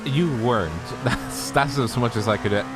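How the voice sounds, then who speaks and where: A man's voice: medium pitch, normal speed, gravelly, noisy background. A man co-commentating a motor race, making dry, teasing remarks. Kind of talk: casual co-commentary chat.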